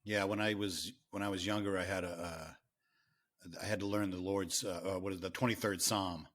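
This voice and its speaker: A middle-aged man from Massachusetts co-hosting a podcast, chatting in a relaxed, meandering way with many pauses. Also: sits low. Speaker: podcast co-host. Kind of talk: casual chat over beer tasting.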